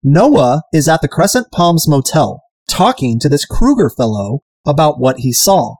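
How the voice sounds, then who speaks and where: A man chatting through a TV recap with an irreverent, profane edge. His voice sits a little high for a man, and it is recorded close and dry with no room sound. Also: big pitch swings, unhurried, darkish tone, dry recording. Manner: irreverent, profane, mimics characters. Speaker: podcast host. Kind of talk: casual episode recap chat.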